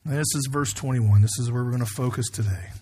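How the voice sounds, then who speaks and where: A pastor preaching a sermon, reading scripture aloud and explaining it in a conversational, emphatic way. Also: male voice, mid-range voice, fast, dark tone, breathy edge.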